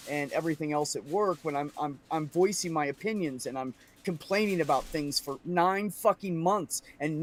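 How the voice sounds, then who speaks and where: Guy venting on a podcast, swears a lot, kinda high voice, does little impressions of people. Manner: venting, profane, animated storytelling; mimics other people's voices in quotes. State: frustrated. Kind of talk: casual podcast chat.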